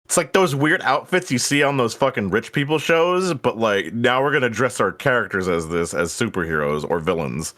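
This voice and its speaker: A man's voice: medium pitch, a bit bright. A young man chatting casually and profanely while livestreaming. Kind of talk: casual live-stream chat.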